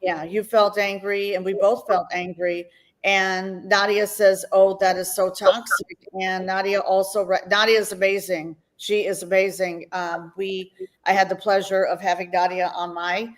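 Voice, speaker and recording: A woman's voice: mid-range voice, little pitch movement, moderate pace, low-quality recording. A woman hosting a podcast interview who eagerly agrees with her guest and reads out viewer comments. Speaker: podcast host. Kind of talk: casual interview chat.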